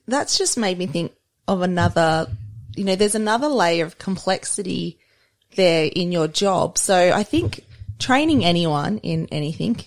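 A woman's voice: lowish voice, animated, a little slow. A woman hosting an interview, thinking aloud as she asks long, winding questions.

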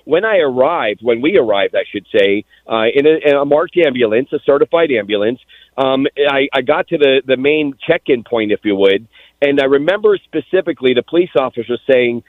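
A man, calling in to recall his time as a rescue volunteer, halting and tearful, repeating words as he speaks. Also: mid-range voice, lively intonation, no echo. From Pittsburgh, USA. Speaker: caller, former EMT volunteer. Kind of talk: emotional phone-in recollection. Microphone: telephone. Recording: tinny phone line.

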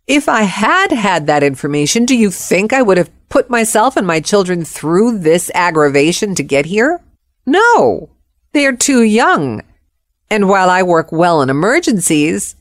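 Woman storyteller, lowish voice, expressive, acts out voices, dry close sound. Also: moderate pace, no echo. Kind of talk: personal storytelling.

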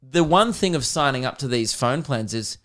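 A man's voice: medium pitch, lively intonation, moderate pace, a bit bright. Rambling Australian man telling stories. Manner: rambling, laughing storytelling with sudden mimicry. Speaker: podcast host and comedian. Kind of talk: casual chat.

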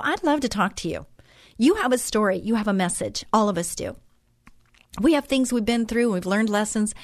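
A woman's voice: medium pitch, no room sound. A woman hosting a faith talk show, speaking in an earnest, heartfelt and openly emotional way in an inspirational monologue from a studio.

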